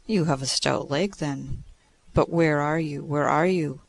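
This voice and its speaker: A man reading aloud, voicing a playful young male god of love who teases and prods with quick exclamations. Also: fairly high pitch, gravelly, rough recording. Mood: teasing.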